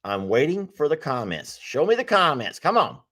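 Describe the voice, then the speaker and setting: A man's voice: on the high side, big pitch swings, normal speed, fairly bright tone. A man hosting a casual live stream, teasing and laughing often. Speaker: livestream host.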